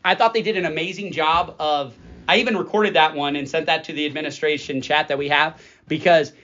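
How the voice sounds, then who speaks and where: A man's voice: a little high, fairly even intonation, fairly quick, fairly bright tone. Chatty forty-something man, lo-fi sound. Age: 40s. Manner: chatty, rambling, laughs often. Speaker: podcast host. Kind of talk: casual chat. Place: studio. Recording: dull lo-fi studio recording.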